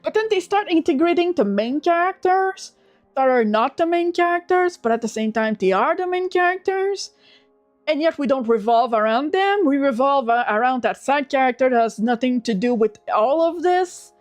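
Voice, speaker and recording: Animated high-voiced woman ranting on stream. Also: moderate pace, faint music behind. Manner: animated, swearing rants with many restarts. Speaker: livestream host. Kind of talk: casual livestream chat.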